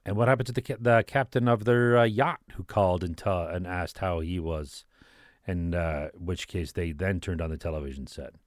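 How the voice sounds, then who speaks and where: A man with a lowish voice talks through his doubts, asking pointed questions in a sarcastic tone. The recording is dry, with no room sound. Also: normal speed, no room sound. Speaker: commentator. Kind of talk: skeptical commentary.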